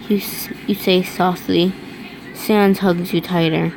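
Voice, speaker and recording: Slow, low-voiced woman reading aloud. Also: steady tone, background noise. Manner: stumbling over words and restarting, breaking off into reactions. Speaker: reader. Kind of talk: reading fan fiction aloud.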